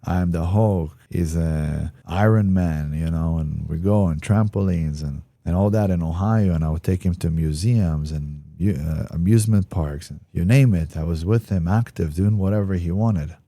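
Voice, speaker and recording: Deep-voiced man telling his story emphatically. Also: moderate pace, hardly any pauses, warm tone, dry recording. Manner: emphatic, acts out quoted dialogue with rising energy. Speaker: podcast guest. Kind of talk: personal storytelling interview.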